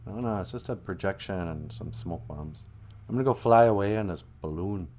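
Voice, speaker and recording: A man's voice: low voice, fairly quick, darkish tone, lightly acted. A man voicing a fraudulent male wizard who is blunt and scornful, in a casual comic retelling. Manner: offhand, scornful.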